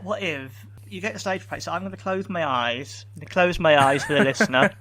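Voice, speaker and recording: A man hosting a comedy podcast with a high-pitched voice, recorded dry and close. He keeps up a teasing, pushy banter, prodding his co-host with one question after another. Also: a little fast, sharp tone, no echo. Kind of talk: casual comedy chat.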